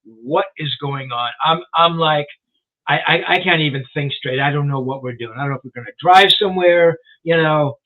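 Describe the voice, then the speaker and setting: A man's voice: a little high, brisk. Chatty older man on a tinny line. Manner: rambling, full of "you know" and restarts. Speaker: guest rock journalist and author. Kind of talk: casual storytelling in a live interview.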